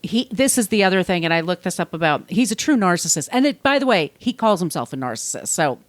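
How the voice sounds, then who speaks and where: A woman's voice: fairly low pitch, big pitch swings, quick pace, no echo. A woman co-hosting a casual podcast, talking bluntly and sarcastically with plenty of swearing. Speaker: podcast co-host.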